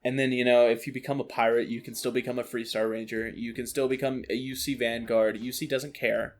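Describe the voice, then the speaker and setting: A man ranting about a video game, animated, exasperated and full of swearing. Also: medium pitch, a little fast. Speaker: streamer. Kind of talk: ranting gameplay commentary. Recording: faint lo-fi music underneath.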